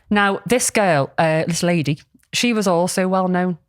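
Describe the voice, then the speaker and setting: A woman's voice: fairly low pitch, fairly even intonation, normal speed, hardly any pauses, no echo, studio quality. A woman, casually telling a story on a podcast, rambling with lots of ums and restarts. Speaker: podcast co-host.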